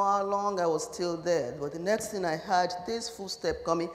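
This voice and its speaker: A woman from Nigeria, telling a personal story in an animated, halting way with fillers and restarts. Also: medium pitch. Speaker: speaker. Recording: echoey hall with long reverb.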